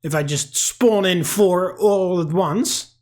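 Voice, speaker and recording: A man's voice: high-pitched, slow. A man giving profane, angry let's-play commentary while ranting at a game. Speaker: gaming YouTuber.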